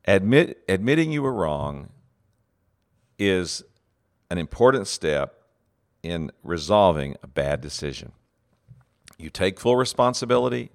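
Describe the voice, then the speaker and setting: Low-voiced man teaching about leadership. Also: very animated, unhurried, gravelly, long pauses. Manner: earnest, acts out example phrases with many fillers and restarts. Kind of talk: teaching talk.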